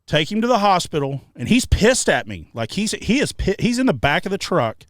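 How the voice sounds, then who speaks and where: Podcast guy telling crazy stories, swears a lot, yells the quotes, super lively. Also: high-pitched, a little fast, dry recording, clean studio sound. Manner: animated, profane, shouts quoted lines. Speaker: podcast co-host. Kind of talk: casual storytelling chat. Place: treehouse hangout.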